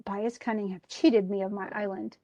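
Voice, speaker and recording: A woman's voice: medium pitch, level tone, brisk, mellow, close to an everyday voice. A woman voicing a bitter, scheming male island monster, pleading in old-fashioned verse.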